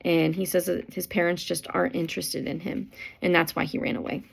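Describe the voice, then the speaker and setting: A woman's voice: lowish voice, flat delivery, a little fast, gravelly, slightly rough. A woman teacher casually summarizing a book chapter, chatty and full of fillers, acting out quotes as she goes.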